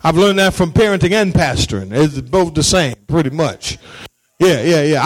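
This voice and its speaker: A man preaching as a pastor, calling out to his congregation and swinging between shouted lines and quiet asides. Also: a little high, animated, normal speed. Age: adult, married parent. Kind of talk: sermon.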